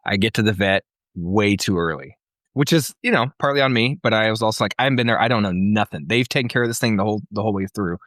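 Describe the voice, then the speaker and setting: A man's voice: fairly low pitch, quick pace, a bit bright, no echo, studio quality. Exasperated man telling a rant story. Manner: exasperated storytelling, frequent swearing. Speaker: podcast co-host. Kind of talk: casual comedic podcast banter.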